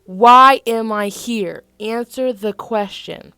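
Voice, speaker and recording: A woman's voice: on the low side, fairly even intonation, quick pace, no echo, lightly acted. Woman voicing a furious cursing teen boy. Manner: yelling, swearing, defiant. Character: angry, foul-mouthed teenage boy turned hybrid.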